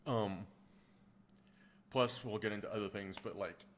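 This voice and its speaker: A man with a fairly low voice talks casually to viewers of a livestream. He rambles, doubles back on his words and restarts sentences as he answers the chat. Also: a little slow, slight background noise. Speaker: streamer and audiobook narrator.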